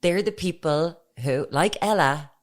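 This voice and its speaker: A woman's voice: low voice, a little slow. An Irish woman in her thirties, co-hosting a podcast in casual chat with a wry, joking manner. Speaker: podcast co-host.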